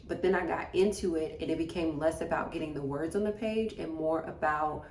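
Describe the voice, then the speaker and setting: A woman's voice: low voice, brisk, hardly any pauses, a little mellow, a little hiss or hum. A woman vlogging casually about her writing day, rambling and restarting her sentences. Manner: rambling, with repeated words and restarts. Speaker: self-published author vlogging her writing days. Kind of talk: casual talking-to-camera vlog. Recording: echoey room.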